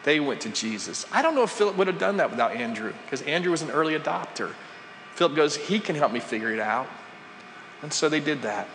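Animated preacher in a reverberant church. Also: male voice, fairly high pitch, brisk, a little hiss or hum. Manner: animated, shifts between hushed asides and emphatic rises. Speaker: pastor. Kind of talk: sermon. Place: church sanctuary. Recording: long reverb, faint ambience.

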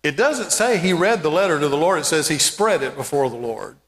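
A man preaching a sermon as pastor, emphatic, with repeated calls and rising shouts. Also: on the high side, expressive, a little fast, in a large hall.

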